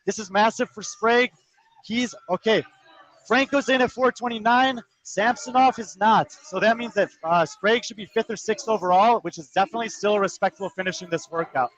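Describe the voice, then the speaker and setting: A man giving live play-by-play commentary on a fitness competition, calling times and placings in quick, precise detail. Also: high-pitched, a bit bright, low-quality recording. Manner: rapid, precise, number-heavy calling. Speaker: sports commentator.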